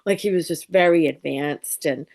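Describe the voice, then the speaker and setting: A woman guest on an interview show, telling lively, lighthearted stories and acting out quotes as she talks. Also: fairly low pitch, normal speed. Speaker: psychic medium guest. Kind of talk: casual interview storytelling.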